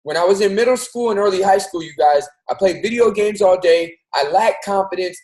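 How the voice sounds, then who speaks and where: A man's voice: high-pitched, brisk, darkish tone, low-quality recording. A man hosting a show, giving an earnest, casual motivational talk straight to his listeners. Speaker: host.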